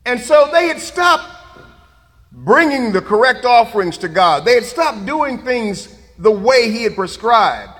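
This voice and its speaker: A man's voice: extremely high pitch, big pitch swings, measured pace, fairly bright tone, big-room sound. A man preaching a sermon, laughing and making asides to the congregation. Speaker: pastor.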